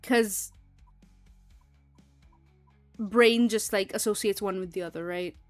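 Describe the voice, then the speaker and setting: A woman's voice: medium pitch, slow, no room sound, faint music behind. A young woman streaming, chatting casually and rambling with lots of fillers and frequent laughs. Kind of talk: casual livestream chat.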